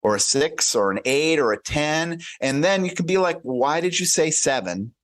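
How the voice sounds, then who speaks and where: A man speaking as a coach in a casual podcast interview, animated and acting out little dialogues, with many restarts and repeated words. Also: a little high, moderate pace, no echo. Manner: animated, acts out little dialogues in shifting voices. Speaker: career and life coach guest.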